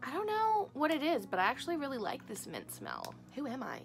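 A young woman hosting a casual unboxing vlog, gushing and excitable, gasping over each cute item. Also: sits high, a little fast, creaky, soft background music. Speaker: craft and squishy channel host.

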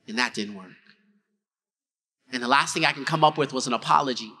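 Bright-voiced male keynote speaker in an echoing hall. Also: mid-range voice, brisk, pauses often. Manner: dramatic, with call-and-response to the audience. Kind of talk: motivational keynote storytelling. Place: large conference hall. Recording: reverberant conference hall.

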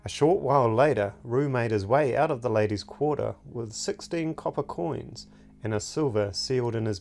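Slow, gravelly male fantasy narrator. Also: mid-range voice, darkish tone, a little hiss or hum. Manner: measured, unhurried reading. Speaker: narrator and author.

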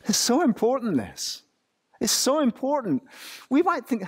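A man with an English accent preaching a sermon as pastor, asking rhetorical questions in an animated way. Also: very high voice, unhurried, husky.

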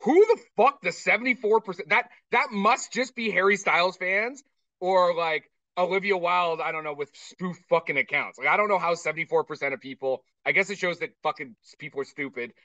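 A man's voice: sits high, fairly quick, no echo, distant mic, muffled recording. A man co-hosting a podcast, chatting casually and profanely while reviewing a movie. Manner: profane, ranting, animated. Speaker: podcast co-host.

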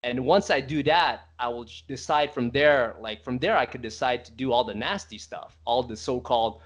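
A man's voice: medium pitch, moderate pace. A man talking as a podcast guest about fighting, hesitant and full of fillers and restarts. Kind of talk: casual podcast conversation.

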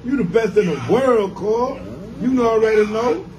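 A man's voice: high voice, normal speed, background noise. A man ribbing a friend on a phone call in a teasing, mock-threatening way. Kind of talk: comedic phone banter.

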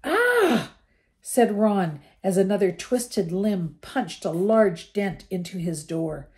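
An older woman reading a novel aloud to her grandchildren, gentle and with the odd slip and restart. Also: mid-range voice, slow pace. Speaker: storybook reader for her grandchildren.

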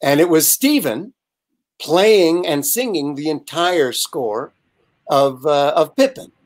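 Lively older man telling stories. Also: fairly high pitch, slow pace. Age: 70s. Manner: lively, animated storyteller with frequent asides. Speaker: guest. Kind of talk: casual anecdote storytelling. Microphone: video call.

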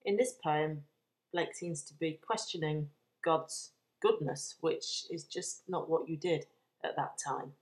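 A woman teaching a recorded revision lesson on a poem, explaining slowly and deliberately and stressing words for emphasis. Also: deep voice, a little mellow. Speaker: English literature teacher.

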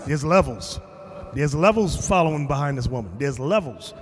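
A man's voice: fairly high pitch, animated, normal speed, a little hiss or hum. A man, a bishop, preaching a lesson in an emphatic, confrontational way and often raising his voice. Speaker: bishop teaching a class. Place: classroom in a large reverberant hall. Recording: long hall reverb.

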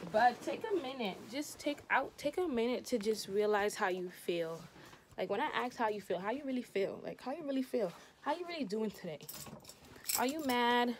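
A young woman talks to her phone camera in a loose, rambling vlog, calling her viewers y'all. Her voice sits fairly high. The audio is noisy, picked up on a clip-on mic while she moves from home out onto a rainy street. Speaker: vlogger. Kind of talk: casual vlog chat.

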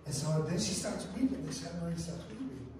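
A man's voice: on the high side, lively intonation, brisk, noisy background. A man preaching a sermon as a pastor, telling stories casually and often saying "man" and "right?". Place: church sanctuary. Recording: echoey church hall from far off.

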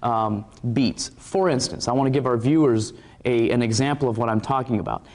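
A man's voice: medium pitch, brisk, darkish tone. A man teaching viewers about musical rhythm, explaining step by step and counting beats aloud. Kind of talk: instructive talk to viewers.

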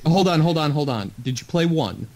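A man chats loosely on a podcast, wandering into asides as he goes. His voice sits a little higher than most men's. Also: animated, fairly quick, a little mellow, a little hiss or hum. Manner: loose, rambling, drops in asides. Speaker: podcast co-host. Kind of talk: casual chat.

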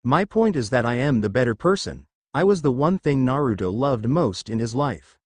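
A man's voice: medium pitch, animated, normal speed, darkish tone, no echo, lightly acted. A man reading a fan fiction story, voicing a cruel, scornful woman ninja who sneers and growls. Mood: menacing.

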